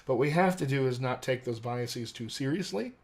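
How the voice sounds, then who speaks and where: A man's voice: mid-range voice, animated, fairly quick. An American man, an accent coach, explaining his teaching method methodically in an interview. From United States. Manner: articulate, methodical, lecturing.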